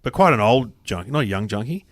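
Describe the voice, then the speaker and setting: A man, co-hosting a casual comedy chat as an animated storyteller who acts out the people in his stories. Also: mid-range voice, quick pace, dry recording, studio quality. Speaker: co-host.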